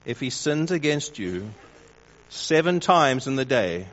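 Pastor preaching, lo-fi. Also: male voice, medium pitch, big pitch swings, a bit bright. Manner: measured preaching with mock dramatic asides. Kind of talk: sermon. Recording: dull lo-fi recording.

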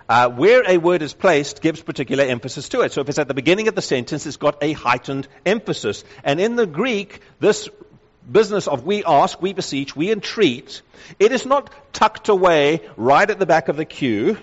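A man preaching a sermon, reading scripture aloud and slowing down to stress key phrases with emphasis. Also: a little high, animated. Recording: dull lo-fi sound with long hall reverb.

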